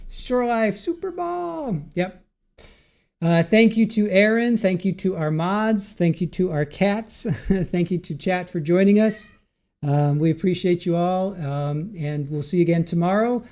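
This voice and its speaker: A man's voice: high voice, dark tone. A man hosting a live stream, chatting casually and rambling with restarts as he reads viewer comments aloud. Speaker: livestream host.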